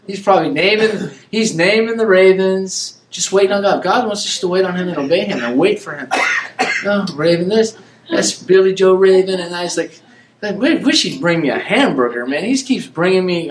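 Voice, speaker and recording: Male preacher, high-pitched, casual rambling delivery, echoey room. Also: a little hiss or hum. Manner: rambling and conversational, acting out characters in asides. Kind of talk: casual sermon retelling a Bible story.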